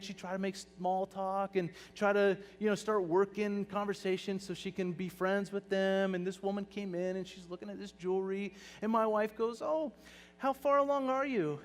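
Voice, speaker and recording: A male pastor preaching a sermon, animated and swinging between soft, hushed lines and loud bursts. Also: high voice. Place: church hall. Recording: long hall reverb.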